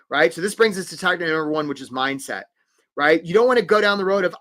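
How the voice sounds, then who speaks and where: A man's voice: on the high side, a little fast, pushed and bright. A man coaching job seekers in a live webinar, upbeat and encouraging, calling out viewers by name.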